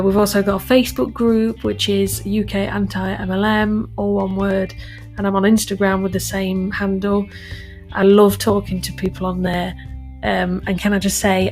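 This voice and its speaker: Woman, British accent, podcast host, friendly, casual, laughs easily, faint music behind. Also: mid-range voice.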